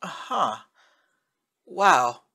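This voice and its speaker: A man's voice: a little high, very animated, drawn-out words, vocal fry, pushed and bright, pitched above the performer's own voice, full character voice. A man reading aloud, voicing a young woman space traveler in a raised, strained, breathless voice. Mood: worried.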